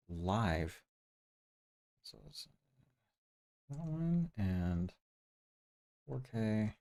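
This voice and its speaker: Low-voiced man rambling on a livestream. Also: a little mellow. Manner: rambling, laid-back, filler-heavy with frequent laughs. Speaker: livestream movie reviewer. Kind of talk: casual live-stream movie talk. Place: home room with projector.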